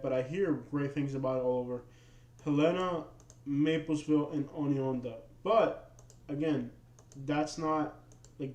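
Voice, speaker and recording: A man with a New York-tinged accent hosts a laid-back livestream, chatting to viewers in a rambling, relaxed way with frequent restarts. His voice sits a bit high for a man and rings in a roomy, echoey room. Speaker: livestream host. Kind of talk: casual livestream chat. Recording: roomy echo.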